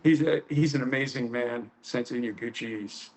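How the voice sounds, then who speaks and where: A karate instructor from the United States telling stories in an interview, rambling with many fillers and acting out the quoted lines. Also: male voice, medium pitch, moderate pace. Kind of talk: storytelling interview.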